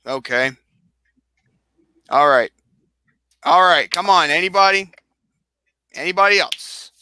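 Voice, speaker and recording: A man's voice: high voice, slow pace, sharp tone, slight background noise. A man co-hosting a casual live-stream podcast, upbeat and joking as he coaxes viewers to join in. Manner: upbeat, coaxing the chat, joking asides. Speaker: podcast co-host.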